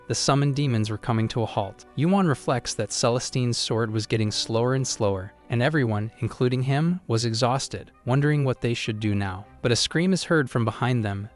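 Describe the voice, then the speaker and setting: A man narrating a story recap in a steady storytelling style. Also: medium pitch. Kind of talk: scripted narration.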